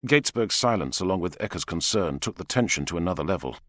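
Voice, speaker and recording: A man narrating an audiobook in an expressive, dramatic style. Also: deep voice, fast, no echo, clean studio sound. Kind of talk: scripted narration.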